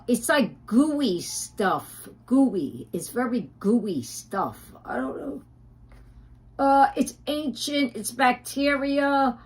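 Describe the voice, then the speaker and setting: A woman's voice: on the high side, a bit bright. A woman ranting on a livestream, profane and indignant, with frequent fillers and restarts.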